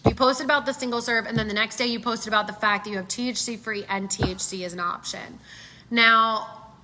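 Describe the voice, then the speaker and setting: A middle-aged woman giving casual sales coaching, animated and acting out customer voices as she talks. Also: fairly high pitch, brisk, slight background noise. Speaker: sales trainer.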